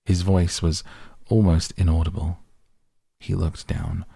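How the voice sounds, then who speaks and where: A man reading a novel aloud in first person, slow, even and deliberate. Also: low voice, gravelly, slightly rough, no room sound. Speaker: audiobook reader.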